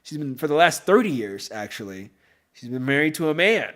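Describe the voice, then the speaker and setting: Excitable, rambling man on a podcast. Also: fairly high pitch, fairly quick. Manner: rambling and excitable, with many fillers. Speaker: podcast host. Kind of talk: casual podcast chat.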